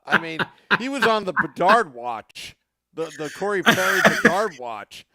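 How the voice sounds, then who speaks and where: A man's voice: high voice, sing-song, measured pace, crowd noise. A man co-hosting a casual sports podcast, chipping in with dry, wisecracking remarks. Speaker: podcast co-host.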